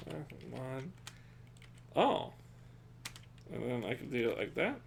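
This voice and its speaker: A man streaming live, chatting casually with his viewers, cursing freely, laughing often and yelling at chat when excited. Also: medium pitch, normal speed, gravelly, long pauses.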